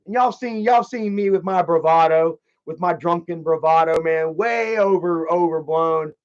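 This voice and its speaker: A high-voiced man rambles through a story on his live stream, swearing freely and stumbling over restarts. His loud quoted outbursts cut through muffled, lo-fi audio. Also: moderate pace. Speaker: livestreamer.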